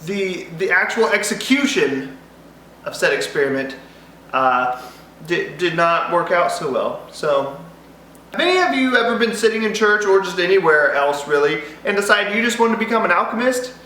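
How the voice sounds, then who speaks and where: Man, high and bright, rambling comic vlog storyteller, echoey room. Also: expressive, normal speed, slight background noise. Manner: rambling, self-interrupting, jokey. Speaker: vlogger. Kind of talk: comedic storytelling.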